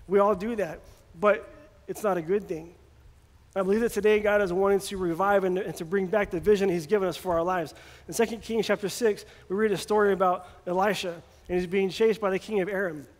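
A man preaching a sermon in a casual, joking way, sometimes acting out voices, recorded in a church. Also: sits high. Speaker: pastor. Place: church sanctuary. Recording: long hall reverb.

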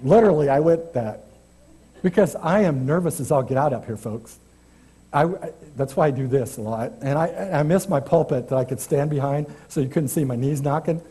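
Husky, dark-voiced male preacher. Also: fairly high pitch, normal speed. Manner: chatty, self-deprecating, restarts often. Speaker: guest preacher. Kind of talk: informal church sermon. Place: church sanctuary.

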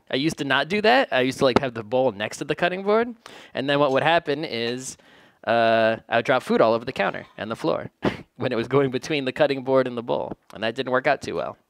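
A man with a medium-pitched, creaky voice casually narrates his home cooking in a kitchen. As a home cook vlogger, he rambles and jokes, often at his own expense.

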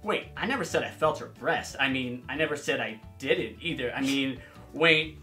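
A man's voice: mid-range voice, lively intonation, moderate pace, sharp tone, faint music behind. A tipsy man voicing a flustered young man, reading the lines in a run-on way that ignores punctuation.

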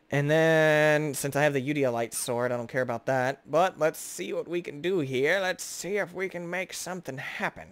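A young man giving excitable, jokey gameplay commentary as host, chatting to the creatures on screen. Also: mid-range voice, dry recording. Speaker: gaming video host.

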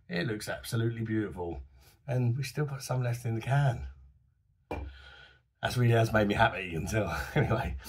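Chatty man, husky voice. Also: mid-range voice. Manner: chatty, enthusiastic, slangy. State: voice going a bit hoarse. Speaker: beer reviewer. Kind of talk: casual review to camera. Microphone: phone camera.

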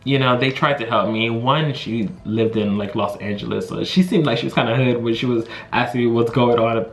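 In an echoey room, a young US vlogger chats to camera, telling a casual story full of "like" and "you know" as he rambles. His voice is medium-pitched and a little fast.

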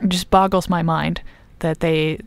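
A woman's voice: fairly low pitch, level tone, unhurried, creaky, no echo. A woman co-hosting a casual history podcast, explaining at length with plenty of ums and uhs. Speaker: podcast co-host.

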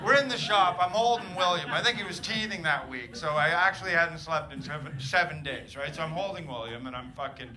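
A middle-aged man doing a profane stand-up comedy set in a club, ranting with loud punchlines. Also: on the high side, a little fast, hardly any pauses, a crowd in the background. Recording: noisy live club recording. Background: audience laughter.

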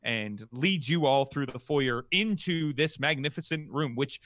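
A man's voice: mid-range voice, a little slow, fairly bright tone, dry recording, studio quality. A man running a tabletop game as game master, narrating the action casually with many fillers.

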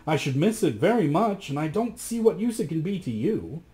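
A man's voice: a little high, big pitch swings, normal speed, dark tone, voice pushed up. A man doing a flustered young hero. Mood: anxious. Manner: flustered, protesting. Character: anxious, bewildered young man. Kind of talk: storybook reading.

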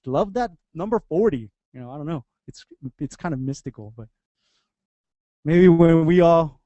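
Man, 30s, pastor, relaxed chatty sermon, acts out story voices, high pitch, dry recording. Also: moderate pace, no room sound, muffled recording. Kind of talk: casual sermon.

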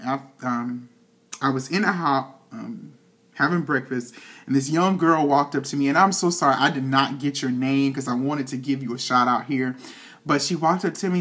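A woman's voice: deep voice, fairly bright tone. A woman reviewing a TV episode in a sassy, gossipy vlog, swearing freely and calling the viewer honey. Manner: sassy, dishy, swears a lot, calls the viewer "child" and "honey". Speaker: TV show reviewer. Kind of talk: casual gossipy recap vlog.

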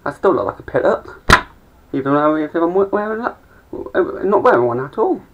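A man's voice: a little high, big pitch swings, moderate pace, noisy background. A young man rambling through a sweary stand-up monologue with mumbled asides. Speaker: amateur comedian. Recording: dull lo-fi home recording.

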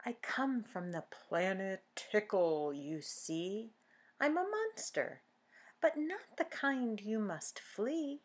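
A woman's voice: medium pitch, sing-song, slow. A woman voicing a friendly monster who tells his own rhyming story in a picture book. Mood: playful. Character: friendly tickling monster from another planet.

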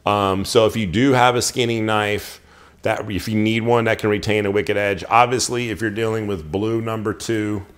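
A man's voice: fairly low pitch, fairly even intonation, moderate pace. A man hosting a show, giving a casual, chatty product review full of ums and restarts. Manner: chatty, filler-heavy, restarts sentences.

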